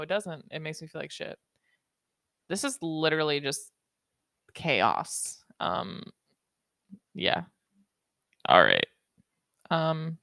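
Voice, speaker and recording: A woman's voice: deep voice, vocal fry, a bit bright, dry recording, studio quality. A woman hosting a solo podcast, rambling and joking with lots of swearing and laughter. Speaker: podcast host. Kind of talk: casual solo podcast monologue.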